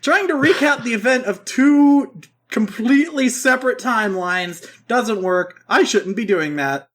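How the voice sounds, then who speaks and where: With a very high, slightly bright voice, a podcast co-host speaks in an animated but unhurried way. He casually recaps an anime in chatty, rambling fashion, often interrupting himself.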